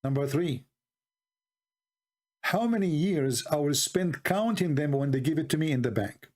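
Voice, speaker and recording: An online commentator from the Middle East with an Arabic accent delivers a sarcastic, mocking monologue packed with rambling asides. His voice is a little high, a little mellow and expressive, and he speaks somewhat slowly.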